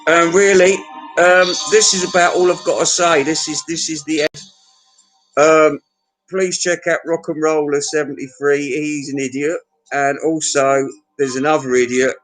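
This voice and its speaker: A man's voice: a little high, fairly even intonation, measured pace, pauses often, soft background music, poor audio. A British man vlogging in a rambling, sweary and mocking way, reading out questions and ranting at other people. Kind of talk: casual rambling video chat.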